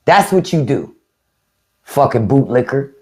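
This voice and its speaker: A woman's voice: very deep voice, sing-song, a little slow, mellow. A woman hosting a live stream in an unfiltered, profane and sarcastic rant, with features. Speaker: livestream host.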